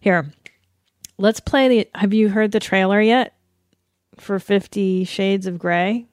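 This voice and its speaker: A woman's voice: mid-range voice, steady tone, measured pace, no room sound, clean studio sound. A woman from the Los Angeles area, hosting a casual solo podcast and reading aloud with giggly, self-conscious, mock-dramatic delivery. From Los Angeles area, USA. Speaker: podcast host.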